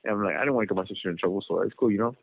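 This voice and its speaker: A man from Los Angeles, currently in prison, rattles off his life story at rapid-fire speed during a phone call, his low voice gravelly. The telephone line is tinny, and his casual, rambling talk is packed with "you know" and "like."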